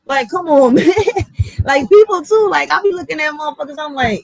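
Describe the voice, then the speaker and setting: A block captain with a Philadelphia accent rants bluntly and profanely in a casual vlog, all fired-up street talk. Her high-sitting voice is animated, brisk and creaky, captured in a dry, rough recording.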